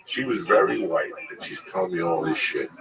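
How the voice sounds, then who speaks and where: A male comedian telling crude, animated stories in casual chat, acting out the people in them. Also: low voice, brisk, gravelly, a crowd in the background, low-quality recording.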